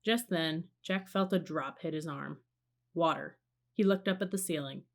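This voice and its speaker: Calm woman reading a children's story. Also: sits low, normal speed, gravelly. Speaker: audiobook reader. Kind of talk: storybook narration.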